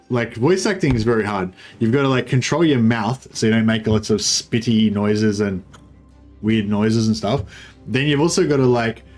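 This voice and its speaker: Rambling Australian man streaming a game. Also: on the low side. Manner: rambling, filler-heavy, laid-back. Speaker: gaming streamer. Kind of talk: casual livestream commentary.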